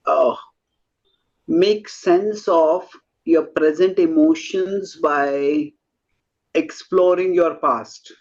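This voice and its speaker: A man's voice: a little high, steady tone, dull audio. A man hosting a podcast, asking questions and carefully summarizing his guest's words. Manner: slow, measured, summarizing. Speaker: podcast host. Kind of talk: interview questions.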